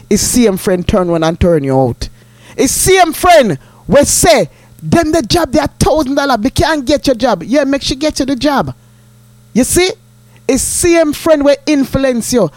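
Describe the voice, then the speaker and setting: A woman's voice: a little high, a little mellow, no echo. A woman with a Jamaican accent telling a story in an indignant, emphatic way, repeating herself as she makes her point. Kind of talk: storytelling monologue.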